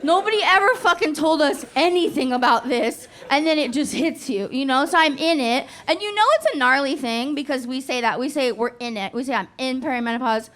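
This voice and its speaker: A woman's voice: sits high, animated, fairly quick, hardly any pauses. A woman in her forties performing a stand-up set, profane and self-deprecating, laughing at her own jokes. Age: 40s. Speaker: stand-up comedian. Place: comedy club stage. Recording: live club with loud audience laughter.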